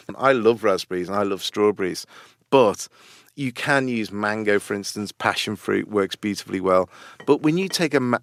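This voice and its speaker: A middle-aged British man with a fairly low voice describes cakes with relish, laughing easily. His accent is British, and the sound is close and dry, with no room around it. He talks like a baker who loves the subject. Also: fairly bright tone, dry recording. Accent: British English. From United Kingdom. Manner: enthusiastic, descriptive, laughs often. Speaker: baker and cookbook author. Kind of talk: radio interview.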